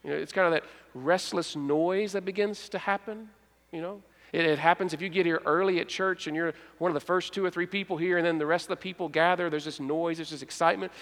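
High-voiced man preaching in a reverberant church. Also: steady tone. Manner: storytelling, acts out voices, dramatic pauses and hushed moments. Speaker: pastor. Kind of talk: sermon. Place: church sanctuary.

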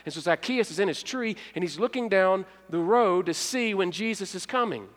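High-voiced man preaching in a reverberant church. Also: expressive. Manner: storytelling, acts out voices, dramatic pauses and hushed moments. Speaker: pastor. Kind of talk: sermon. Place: church sanctuary.

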